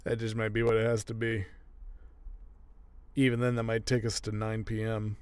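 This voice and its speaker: Speaking in a lowish, monotone, slightly mellow and smooth voice at normal speed, a weary narrator mutters to himself as he edits his audiobook, yawning and frequently slipping into whispers. The recording is dry.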